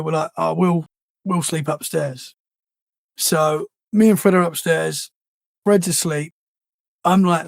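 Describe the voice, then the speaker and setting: A man, speaking high for a man with a gravelly rasp. He tells his story earnestly, often stumbling and repeating words. The sound is close and dry. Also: darkish tone, no echo. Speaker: podcast guest. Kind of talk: casual storytelling interview.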